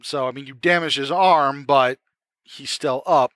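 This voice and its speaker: A man's voice: mid-range voice, measured pace, fairly bright tone, dry recording, clean studio sound. A man as game master narrating a tabletop game in a rambling style full of fillers.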